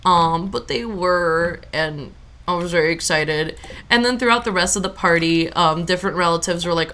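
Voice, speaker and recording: A woman's voice: lowish voice, moderate pace, fairly bright tone. A young adult woman streaming a farming game, chatting casually in a rambling way with lots of fillers.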